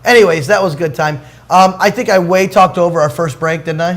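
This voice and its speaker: A man's voice: high voice, brisk. A middle-aged man hosting a casual talk show, telling rambling stories and chuckling between lines. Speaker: show host. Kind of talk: casual chat.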